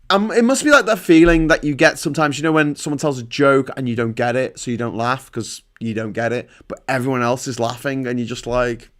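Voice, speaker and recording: A man's voice: mid-range voice, a bit bright. Profane man ranting on a stream. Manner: profane, rambling, frequent restarts. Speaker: livestream host. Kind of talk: casual ranting monologue.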